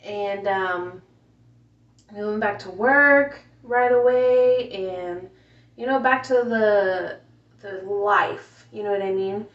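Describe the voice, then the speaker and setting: A woman telling a painful personal story in a casual way, softly and emotionally, with many fillers. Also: mid-range voice, takes it slowly. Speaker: mother telling her story. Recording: roomy, distant, dull home recording.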